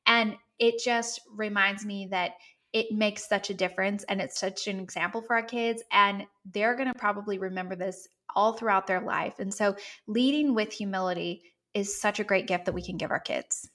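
A woman's voice: mid-range voice, steady tone, moderate pace, fairly bright tone. A woman in her thirties, an author talking earnestly and reflectively about parenting as a podcast guest. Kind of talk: podcast conversation.

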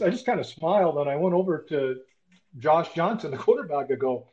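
A man's voice: on the high side, fairly quick, warm tone, dull audio. A man, a former football referee, telling stories in a casual conversation and acting out the people he quotes. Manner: anecdotal, acts out quoted voices.

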